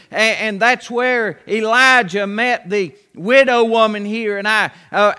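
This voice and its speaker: A man's voice: high-pitched, pushed and bright, smooth. A man preaching a sermon as pastor, telling a Bible story in a folksy way with many rhetorical questions, in a church. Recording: long hall reverb.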